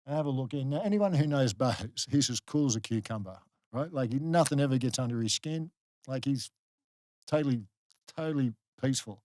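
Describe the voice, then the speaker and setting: Animated Australian man telling a story. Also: mid-range voice, brisk. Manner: animated storyteller, many fillers and restarts. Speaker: guest, former rugby league player. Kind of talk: casual storytelling in a podcast interview.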